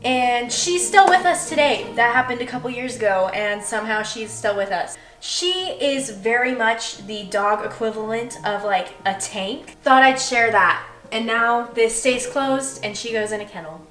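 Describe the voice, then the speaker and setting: A woman's voice: a little high, moderate pace, few pauses, fairly bright tone, soft background music. A young woman chatting casually and self-deprecatingly while she bakes in her kitchen, rambling as she goes. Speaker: vlogger. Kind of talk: casual baking vlog chat. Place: home kitchen. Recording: roomy kitchen, mic at a distance.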